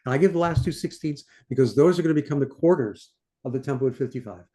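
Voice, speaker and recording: An older conductor teaching an online masterclass, talking through a score and singing the passages in scat syllables. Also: male voice, medium pitch, fast, warm tone. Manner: sings passages in scat syllables between instructions. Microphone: computer mic on a video call.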